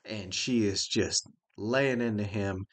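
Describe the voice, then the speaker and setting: A man's voice: lowish voice, takes it slowly. A middle-aged man giving a casual, rambling spoken review of a show, folksy and chuckling often.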